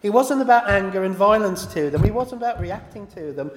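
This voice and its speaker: A man's voice: high-pitched, expressive, a little fast. A man preaching a sermon in an informal way, often stopping to correct himself and apologise. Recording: echoey hall with long reverb.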